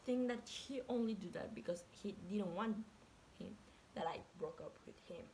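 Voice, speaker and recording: A woman's voice: medium pitch, normal speed, a little mellow, a little hiss or hum. Young woman, casual profane storyteller, heavy on "like", quotes acted out. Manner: chatty and profane, packed with "like", acts out quotes. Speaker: vlogger.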